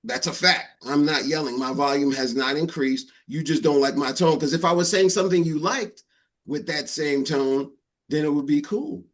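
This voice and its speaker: A man's voice: fairly high pitch, moderate pace. Blunt man on a discussion panel. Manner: blunt, explains with acted-out examples. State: married.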